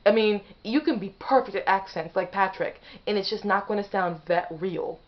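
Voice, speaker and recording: A woman's voice: medium pitch, moderate pace, a little hiss or hum. A woman talking straight to camera in a casual opinion vlog, rambling and often restarting her sentences. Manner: rambling, restarts and self-corrections. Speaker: vlogger. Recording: slightly dull lo-fi audio.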